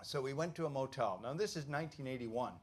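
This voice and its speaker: A Canadian stand-up comedian in his fifties telling stories with lots of swearing and quick asides to the audience. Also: medium pitch, husky. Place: comedy club stage with audience. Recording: noisy club recording. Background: audience laughter and room noise.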